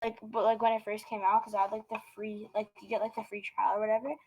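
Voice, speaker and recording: A woman's voice: medium pitch, level tone, fast, a little mellow, highs cut off. A woman co-hosting a podcast in casual chat, eager and padding every phrase with "like". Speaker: podcast co-host.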